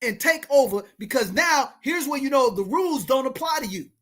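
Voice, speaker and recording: Animated storytelling man in his forties. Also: very high voice, normal speed. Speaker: host. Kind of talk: casual storytelling.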